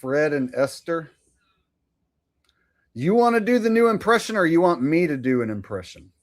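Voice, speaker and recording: A man hosting a live stream chats loosely, joking and swearing as he offers casual commentary. His voice is a little high and very animated, at a normal speed.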